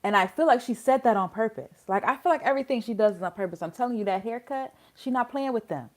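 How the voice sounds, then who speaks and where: A woman's voice: fairly high pitch, animated, fast. A woman hosting a casual legal commentary channel, exasperated and full of rhetorical questions.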